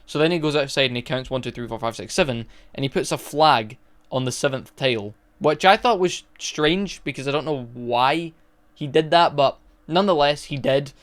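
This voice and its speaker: A young man with a smooth, clear voice chats through a film review at a middle pitch. He rambles through the plot, stopping to correct himself and reach for words. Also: moderate pace. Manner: rambling plot recap with frequent restarts and filler. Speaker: movie reviewer. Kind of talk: casual spoken film review.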